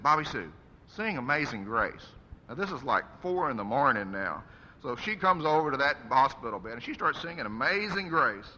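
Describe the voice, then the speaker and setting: A man's voice: medium pitch, pushed and bright, slight background noise. A man delivering an earnest, preacherly eulogy for his father at a funeral service. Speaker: son giving a eulogy. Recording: echoey hall, dull lo-fi sound.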